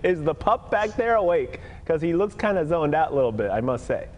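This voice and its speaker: A man's voice: a little high, sing-song, a little fast, darkish tone. A man hosting a morning TV show, chatting playfully with a guest and laughing often. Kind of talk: casual live TV interview.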